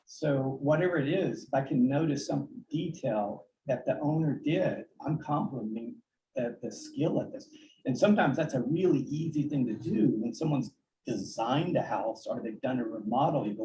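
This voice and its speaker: Gravelly real estate agent in an echoey room. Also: male voice, mid-range voice, normal speed, dark tone. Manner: earnest, coaching tone with repeated restarts. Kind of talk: town hall talk sharing sales advice. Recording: distant, dull, echoey room audio with faint noise.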